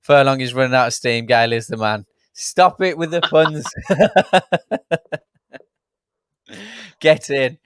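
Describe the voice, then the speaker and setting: A man's voice: medium pitch, moderate pace, few pauses, clean tone, dry recording, studio quality. A man hosting a live fan football show, chatting and reading out viewer comments. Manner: chatty, reads viewer comments, laughs often. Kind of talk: live football watchalong chat.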